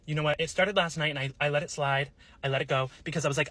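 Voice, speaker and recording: A man's voice: on the high side, quick pace, pushed and bright. A man venting in a profane, exasperated rant about his manager at work. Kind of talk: frustrated rant.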